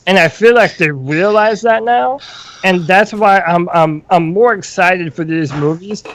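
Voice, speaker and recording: A man hosting a podcast in a measured, thoughtful chat, laying out his view and asking the others for theirs. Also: sits high, slight background noise. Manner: measured, thoughtful, poses questions. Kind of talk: casual chat.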